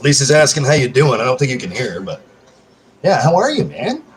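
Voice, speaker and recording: A man's voice: medium pitch, big pitch swings, a little fast. Male streamer, casual home live-stream chat, crude and joking with viewers.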